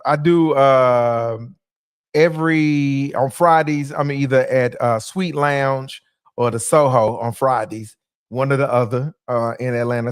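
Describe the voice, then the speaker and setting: A man's voice: mid-range voice, smooth, dry recording, clean studio sound. A man, a comedian guest chatting casually on a podcast with lots of fillers and jokes. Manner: laid-back, joking, many fillers.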